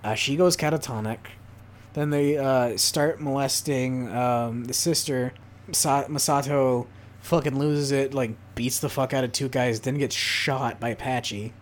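A man at a mid-range pitch, talking in loose, rambling bursts as a podcast co-host. He swears freely and piles on fillers while he retells a story in casual chat. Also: fairly even intonation, measured pace. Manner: rambling, profane plot recap.

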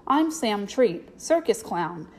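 A woman reading aloud, voicing a cheerful, kindly circus clown who talks smoothly and jovially. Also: medium pitch, very animated, takes it slowly, heavily acted. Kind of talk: storybook reading.

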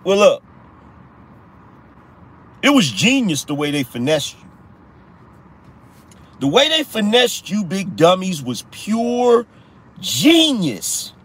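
A man's voice: sits high, very animated, slow pace, pauses often, slightly rough. A man hosting a live political commentary show, talking in a slangy, repetitive style and teasing his audience. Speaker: podcast host.

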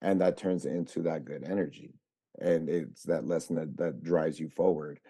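A man in recovery, a podcast guest, talking in a halting, reflective way with frequent fillers. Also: extremely low pitch, fairly even intonation, mellow, husky. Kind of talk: casual conversation.

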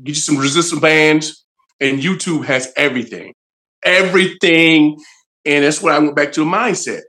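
A man talks as a fitness trainer guest, blunt and motivating in a plain-spoken way. His voice sits somewhat high for a man. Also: a little fast, sharp tone. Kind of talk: casual interview.

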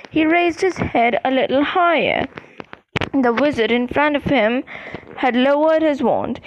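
A woman narrating a fantasy audiobook in a measured, steady way. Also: high voice, lo-fi sound, slight background noise. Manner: measured, steady, with small slips. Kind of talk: audiobook reading.

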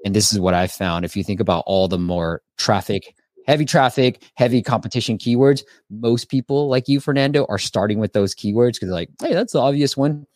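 A man's voice: lowish voice, a little fast, a little mellow, no room sound, studio quality. Chatty man hosting a live stream. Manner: chatty, filler-heavy. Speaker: live stream host reviewing apps. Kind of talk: casual live stream chat.

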